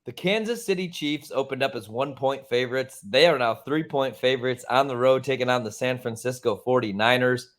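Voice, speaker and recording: A man's voice: medium pitch, fairly quick, few pauses, a bit bright. A man co-hosting a casual sports-picks podcast, ranting in a heated way and swearing freely as he argues his picks. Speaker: podcast co-host.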